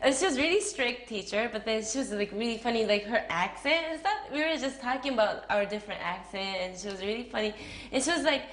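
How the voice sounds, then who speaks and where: Chatty young Japanese-accented woman, slightly high. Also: expressive, fast, fairly bright tone. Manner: chatty, giggly, many fillers like "like". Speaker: interviewee, actress. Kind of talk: casual interview answers. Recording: echoey room with faint noise.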